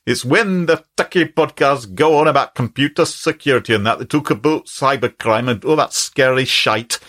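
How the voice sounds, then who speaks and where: A man's voice: mid-range voice, normal speed, a bit bright, natural voice. A man voicing a foul-mouthed, rude chatbot in a Glaswegian accent, blunt and mocking. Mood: scornful.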